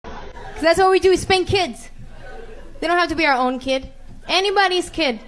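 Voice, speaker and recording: A woman doing stand-up in a loud, scolding, shouting manner. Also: very high-pitched, moderate pace, long pauses. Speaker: stand-up comedian. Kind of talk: stand-up routine. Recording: crowd and hall noise.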